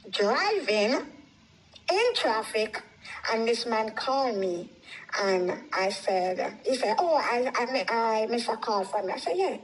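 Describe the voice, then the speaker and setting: Animated woman telling a painful story. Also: a little hiss or hum, poor audio. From United States. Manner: animated, voice rising high when upset. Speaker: guest telling her story. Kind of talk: emotional personal storytelling.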